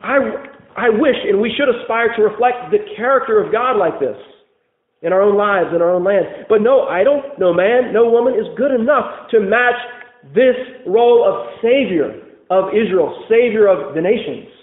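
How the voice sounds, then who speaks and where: A male pastor preaching a sermon, impassioned, swinging from loud declarations to hushed lines. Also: high voice, lively intonation, moderate pace. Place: church. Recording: phone-like sound in an echoey room.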